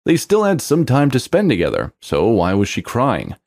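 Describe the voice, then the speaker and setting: A man reading a romance story aloud in scripted narration, with an expressive delivery. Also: mid-range voice, moderate pace.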